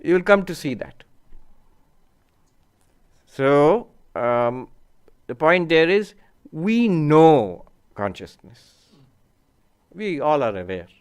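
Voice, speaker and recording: A man gives an unhurried spiritual lecture, reflecting aloud and pausing over terms. His voice is smooth and resonant, sitting slightly high for a man. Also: sing-song. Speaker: spiritual teacher. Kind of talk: lecture with audience questions.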